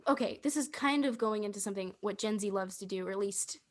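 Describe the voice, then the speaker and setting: A young woman and drama student co-hosting a podcast, coaching in casual chat with a teasing, deadpan manner and frequent restarts. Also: medium pitch, fast talker. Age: young adult.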